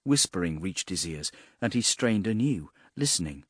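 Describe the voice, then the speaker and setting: A man narrating a fantasy audiobook in a measured, expressive way, with a husky voice. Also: deep voice, no room sound, studio quality.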